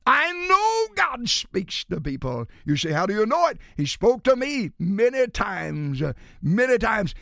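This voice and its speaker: A man preaching a sermon as a pastor, rising into shouts and then dropping low and slow. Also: huge pitch swings, gravelly, no echo, clean studio sound.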